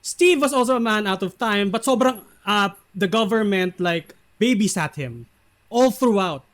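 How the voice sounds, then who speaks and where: A man's voice: sits high, animated, normal speed, fairly bright tone. A man, co-hosting a casual recap chat, rambling with many fillers and restarts. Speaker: podcast co-host.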